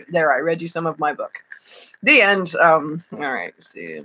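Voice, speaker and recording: A woman's voice: low voice, animated, unhurried, sharp tone. A woman chatting on a live stream from home, giggly and rambling, with many fillers and restarts. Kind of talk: casual live-stream chat.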